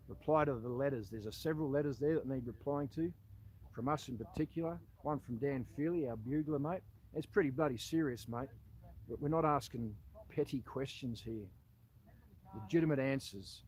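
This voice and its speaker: A man's voice: mid-range voice, darkish tone, a little hiss or hum, poor audio. A man with an Australian accent, a former army soldier, making a direct-to-camera appeal that confronts the listener and keeps calling him "mate".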